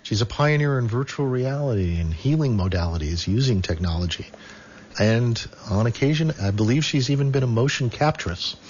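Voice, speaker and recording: A man hosting a radio talk show in a relaxed, hesitant way, with many fillers. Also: mid-range voice, normal speed, slight background noise. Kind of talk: casual radio chat. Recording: dull lo-fi radio broadcast.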